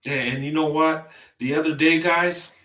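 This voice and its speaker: A man in his fifties speaks straight to his viewers in a heartfelt vlog monologue. His voice sits a little high, and he speaks with emphatic conviction, stacking up repeated phrases to drive each point home. The sound is roomy, with a noticeable echo around him. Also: fairly even intonation, moderate pace, bright, forceful tone. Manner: earnest and emphatic, building with repetition. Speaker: vlogger.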